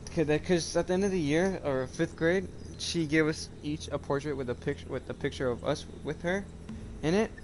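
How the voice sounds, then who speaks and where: A man talking casually in a personal vlog, halting and rambling with many restarts, earnest and confessional. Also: a little high, a little hiss or hum. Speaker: YouTuber. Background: music playing.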